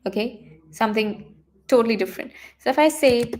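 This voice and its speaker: A woman teaching a live online coding lesson, talking her students through the screen with lots of fillers, restarts and thinking out loud. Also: a little high, normal speed, slight background noise. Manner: chatty, thinks aloud with many fillers and restarts.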